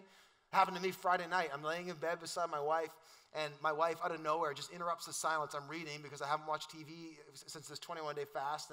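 A middle-aged pastor, preaching in a loose, joking, conversational way. His voice sits high for a man and rings bright and forceful. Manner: casual, joking, storytelling with quoted voices. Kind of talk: sermon.

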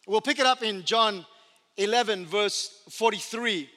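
A man preaching a sermon as pastor, telling the story with animated energy and humorous asides. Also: sits high, normal speed. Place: church sanctuary. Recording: long church hall reverb.

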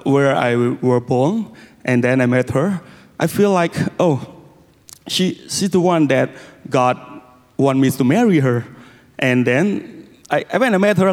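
A man in his thirties with a Cambodian accent, speaking English hesitantly and laughing often while telling his story. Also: on the high side. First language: Khmer. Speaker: guest pastor. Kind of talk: personal testimony. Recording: long hall reverb.

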